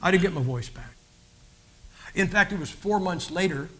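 A man's voice: sits high, normal speed. A man giving a personal testimony as a guest preacher, telling his story in an earnest, folksy way with frequent restarts.

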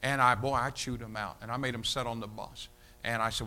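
A pastor telling a story in a sermon, folksy, repeating his words and swinging from loud emphasis to hushed tones. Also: medium pitch, steady tone, fast.

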